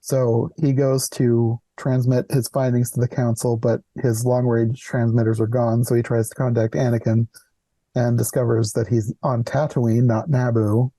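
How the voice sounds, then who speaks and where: A man hosting a movie podcast, recapping scenes in a relaxed way with dry chuckles. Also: medium pitch, normal speed, no echo. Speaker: podcast host.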